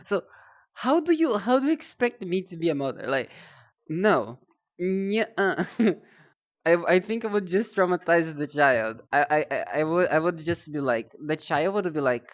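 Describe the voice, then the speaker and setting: A woman's voice: lowish voice, very animated, moderate pace. A young woman streaming live, chatting casually in a rambling, self-deprecating way, often stumbling over and repeating her words.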